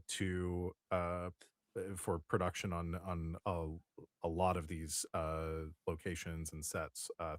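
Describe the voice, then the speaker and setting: A man running a tabletop role-playing game as game master, describing the scene in a halting way, with many fillers. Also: deep voice, no room sound, clean studio sound.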